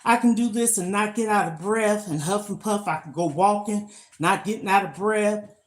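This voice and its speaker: An older woman chatting casually on a live stream while she exercises, talking in an emphatic, motivational way into a phone. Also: mid-range voice. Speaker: lifestyle vlogger.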